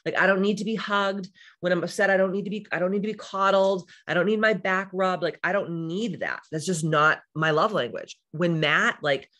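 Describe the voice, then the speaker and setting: A woman's voice: lowish voice, moderate pace, few pauses, a bit bright. A woman talking about astrology in a casual vlog, speaking in a frank, chatty way with lots of fillers, swearing and tangents. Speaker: astrology and life coach. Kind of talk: casual spiritual vlog talk.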